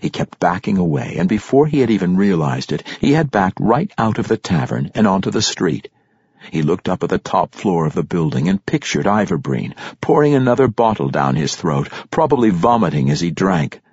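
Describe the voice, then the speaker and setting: A man narrating a fantasy audiobook with expressive storytelling. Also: deep voice, moderate pace, breathy edge, dry recording. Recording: dry, slightly muffled lo-fi recording.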